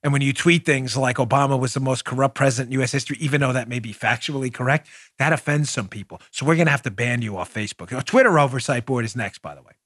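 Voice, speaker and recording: A man hosting a political talk show, excitable and loud, with a sarcastic edge. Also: mid-range voice, fast talker, hardly any pauses. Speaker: podcast host.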